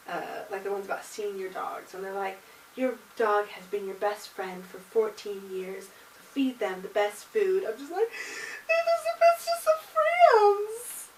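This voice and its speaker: Chatty young woman vlogging in an echoey room. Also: mid-range voice. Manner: chatty, with many likes and ums. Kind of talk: casual pregnancy update vlog. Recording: roomy, distant mic with faint hiss.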